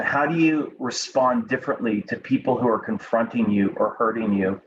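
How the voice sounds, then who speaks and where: A man giving a devotional talk and prayer to students, speaking calmly and unhurriedly with frequent ums and restarts. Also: medium pitch, normal speed. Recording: dull lo-fi recording with faint background noise.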